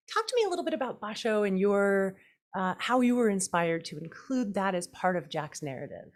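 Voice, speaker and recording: A woman's voice: medium pitch, sing-song, moderate pace. A woman interviewing an author, gushing with enthusiasm about the book. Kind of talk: conversational interview.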